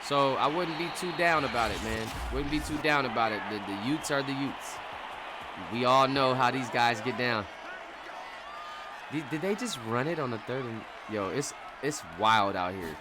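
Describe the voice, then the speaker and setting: A young man doing casual, laughing live commentary on a simulated football game, breaking into shouts at big plays. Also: mid-range voice, expressive, moderate pace, crowd noise, background noise.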